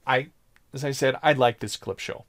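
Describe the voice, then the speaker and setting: A man's voice: medium pitch, moderate pace. A man co-hosting a podcast, chatting casually about a TV series and acting out quotes in raised voices. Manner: animated when joking, acts out quotes in raised voices. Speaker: podcast co-host.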